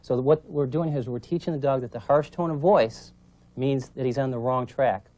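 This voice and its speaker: Speaking at normal speed in a medium-pitched, darkish voice, a man shows how to train a puppy. He's a dog trainer in an instructional demonstration, patiently explaining and checking in with his student as he coaches.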